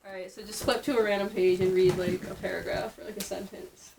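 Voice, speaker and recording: A woman's voice: mid-range voice, fairly even intonation, a little fast, creaky, a crowd in the background, low-quality recording. Young woman, upstate New York accent, casual filler-heavy vlogger chat. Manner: chatty, many fillers.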